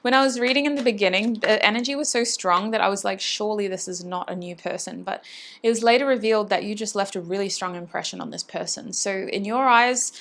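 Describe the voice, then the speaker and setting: A woman's voice: mid-range voice, quick pace, vocal fry, a bit bright. A woman giving a casual tarot reading to camera, chatty and intimate, musing aloud and voicing channeled messages as she speaks fondly to her viewers. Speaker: tarot reader.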